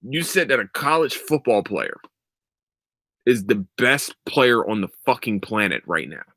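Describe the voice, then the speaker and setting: A young man on a podcast mic, ranting about sports with heated sarcasm and lots of swearing. His pitch swings widely as he jumps around. The sound is dry and close, with no room in it. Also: expressive, measured pace, fairly bright tone, dry recording. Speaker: podcast host. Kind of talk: casual sports rant.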